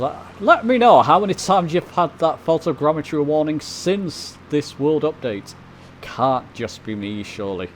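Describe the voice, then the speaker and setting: A man's voice: mid-range voice, a little hiss or hum, low-quality recording. Chatty British man narrating a flight sim. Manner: chatty, talks to viewers while flying. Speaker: flight sim video host. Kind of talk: casual commentary over gameplay.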